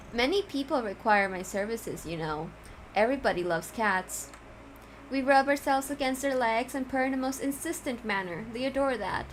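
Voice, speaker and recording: A woman's voice: a little high, a little hiss or hum, natural voice, rough recording. A woman reading the lines of a pompous, verbose male cat with formal, flowery speech, in a game.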